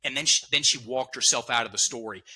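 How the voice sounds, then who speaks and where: A man's voice: medium pitch, fast talker, pushed and bright, slightly rough, low-quality recording. A man talking as a podcast guest, explaining an idea with emphasis and repeating key words. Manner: emphatic, repeats words, quotes others in voices. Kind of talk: conversational teaching.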